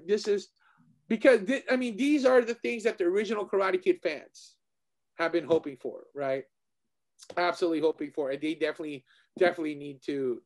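A man with a high-pitched voice chats casually as a co-host, animated and excitable. He tends to repeat phrases as he gets worked up, in the loose tone of a martial arts instructor. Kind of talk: casual chat.

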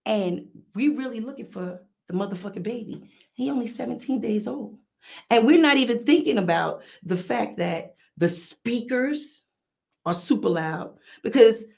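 A middle-aged woman with a New York accent, hosting a podcast and telling a story in a casual, animated, profane way. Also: medium pitch, gravelly. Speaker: podcast host.

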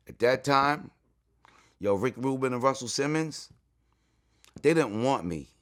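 A middle-aged man from New York telling stories in an interview, excitable and full of asides, often jumping up high when he quotes people. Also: unhurried. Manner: excitable, repeats "you know what I'm saying", jumps to high voice when quoting. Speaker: interview guest. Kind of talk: animated storytelling.

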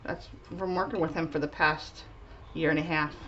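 A young woman and art channel host chatting casually while crafting, laughing often and gently correcting her child. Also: low voice, steady tone, normal speed, muffled recording, slight background noise.

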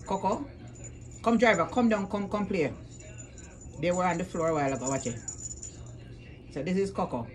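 A woman's voice: lowish voice, moderate pace, long pauses, faint music behind. A woman, vlogging as she coaxes her cats to play in a sing-song, repetitive way. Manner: coaxing, sing-song, repeats commands. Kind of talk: casual talk to her cats.

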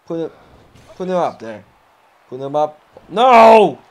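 A young man commenting on his own wrestling video game playthrough, often frustrated and yelling or swearing at the game. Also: fairly high pitch, lively intonation, normal speed. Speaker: gamer recording a playthrough. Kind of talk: live gameplay commentary.

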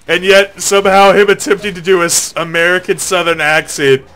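A young man chatting casually while playing a game with friends, joking and swearing, sometimes breaking into shouts. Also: sits high, flat delivery, fairly quick, low-quality recording. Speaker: gamer. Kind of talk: casual gaming chat.

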